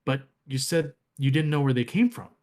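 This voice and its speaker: A man's voice: medium pitch, lively intonation, moderate pace, a little mellow, lightly acted. A man voicing a small, curious robot companion in an earnest, questioning way while reading lore.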